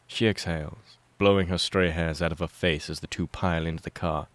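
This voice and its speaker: A man narrating a fan fiction story in a steady, measured reading style. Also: sits low, no echo.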